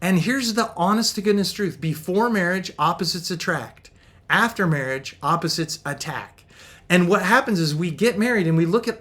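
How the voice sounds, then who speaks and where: Man, middle-aged, high voice, energetic, upbeat, Christian marriage coach, motivational talk. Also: a little fast. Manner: energetic and upbeat, laughs often; acts out quoted voices.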